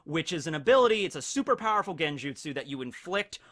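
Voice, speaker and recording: A man hosting a casual anime discussion, excitable and rambling with many fillers. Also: on the high side, fast talker. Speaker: anime channel host.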